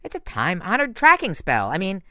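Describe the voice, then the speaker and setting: A man's voice: high voice, wildly swooping pitch, brisk, pushed and bright, dry recording, clean studio sound, voice pushed up, exaggerated voice. A man voicing a nervous, jittery young male satyr who hedges everything. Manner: nervous, hedging.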